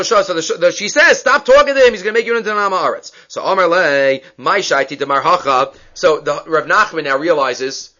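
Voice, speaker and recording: Talmud teacher, man, high bright voice, animated, dull lo-fi recording. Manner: animated, acts out the dialogue. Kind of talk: Talmud class lecture.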